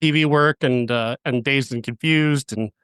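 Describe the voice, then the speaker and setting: A man's voice: mid-range voice, fairly bright tone, clear, resonant tone, no room sound. Enthusiastic man gushing about a film. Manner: enthusiastic, halting, with many fillers and restarts. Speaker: podcast host and movie reviewer. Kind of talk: casual review chat.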